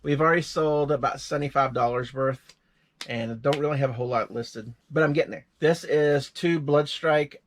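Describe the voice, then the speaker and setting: A man's voice: mid-range voice, moderate pace, a little hiss or hum. An older man with a Southern US accent, chatting plainly and easily as co-host of a reselling video. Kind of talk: casual chat.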